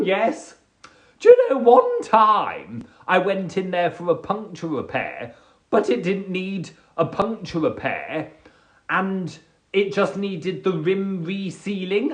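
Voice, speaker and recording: A man riffing in a casual, jokey, self-deprecating monologue on a live stream. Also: sits high. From England. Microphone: phone or webcam on a live stream.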